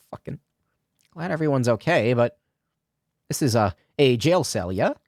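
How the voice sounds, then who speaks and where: Lively, casual male game streamer. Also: medium pitch, takes it slowly, dry recording, studio quality. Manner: casual, swears, reads in lively voices. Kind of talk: let's play commentary with read-aloud dialogue.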